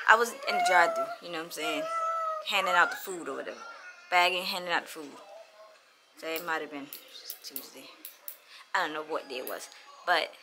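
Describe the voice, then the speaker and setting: A woman chats casually into a handheld camera for her vlog. Her storytelling is animated and blunt, thick with cursing. Loud background noise runs under the recording. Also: mid-range voice. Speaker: vlogger.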